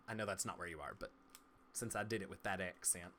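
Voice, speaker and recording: A man from East Tennessee, a streamer and game master, in a casual live-stream chat, talking with crisp, trained stage diction in a chatty, playful way. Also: deep voice, quick pace, a bit bright. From Southern United States, East Tennessee. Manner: chatty and playful, laughs easily.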